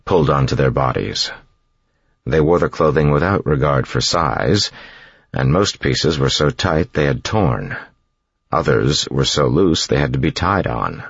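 A man reads an audiobook in a measured, even way. His voice is extremely low and gravelly, with a husky grain. It is recorded close and dry, with a slightly dull, muffled sound. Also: dry recording. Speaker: narrator. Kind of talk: audiobook narration.

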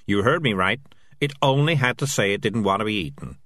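A man's voice: on the low side, animated, a bit bright, no room sound, studio quality. A man voicing a smug, glib male talking tomcat who justifies himself at length in an audiobook. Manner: fast-talking, self-justifying. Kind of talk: audiobook character voice.

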